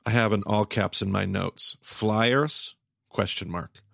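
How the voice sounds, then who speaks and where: A man co-hosting a podcast in casual chat, animated and quick to exclaim. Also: on the low side, gravelly, no room sound, clean studio sound. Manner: animated, exclaims, quotes himself. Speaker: podcast co-host and teacher.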